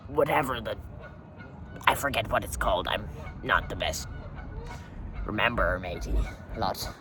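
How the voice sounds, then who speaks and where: A man's voice: on the low side, animated, normal speed, long pauses. A man hosting a comedy show in character as a pirate, rambling through rants and calling everyone "matey". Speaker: podcast host. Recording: voice a bit distant from the mic.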